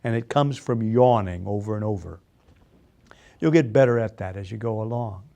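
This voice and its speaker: A man's voice: lowish voice, moderate pace, creaky, dark tone. A man leading a guided voice exercise class, patiently coaching and demonstrating yawns and sung tones. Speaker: voice and speech exercise instructor.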